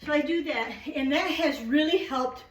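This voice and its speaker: A woman's voice: high-pitched, normal speed, reverberant, recorded from a distance, slight background noise. A woman talking casually at home while working out and then doing a kitchen project, rambling with many ums and a bit out of breath. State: out of breath after exercise. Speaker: lifestyle vlogger.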